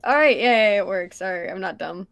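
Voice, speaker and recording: A woman's voice: mid-range voice, expressive, fairly quick. Giggly, self-mocking woman streamer. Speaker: guest streamer. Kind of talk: casual livestream chat.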